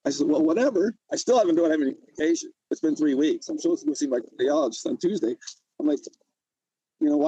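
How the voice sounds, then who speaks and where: A man's voice: on the high side, very animated, quick pace, dark tone, slightly rough, no echo, poor audio. An older man telling his own story in an emotional interview, agitated and often repeating himself. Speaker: interview guest.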